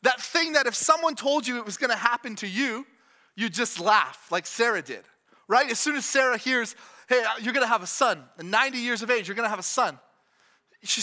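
A man preaching a sermon in a conversational way, repeating phrases and dropping in quick asides. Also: very high-pitched, animated, pushed and bright. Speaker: pastor. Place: church with congregation.

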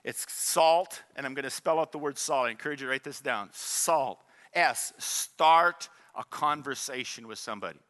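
A man, preaching a sermon in an animated, joking storytelling way and drawing in the congregation. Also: medium pitch, moderate pace. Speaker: pastor.

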